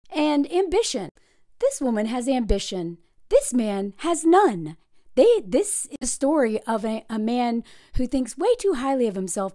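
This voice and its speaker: A woman's voice: a little high, darkish tone, no echo, clean studio sound. A woman giving blunt, sarcastic commentary on a film, with emphatic delivery. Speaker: video creator reviewing a film.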